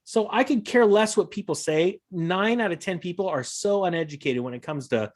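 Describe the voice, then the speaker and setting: A man's voice: high-pitched, moderate pace. A man talking casually and animatedly, acting out sarcastic imagined exchanges. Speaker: guest. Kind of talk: casual chat.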